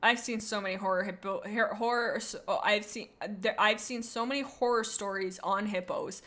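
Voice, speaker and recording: A young adult woman streaming, chatting casually in a rambling, excitable way as she gushes about cute animals. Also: medium pitch, moderate pace. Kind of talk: casual livestream chat.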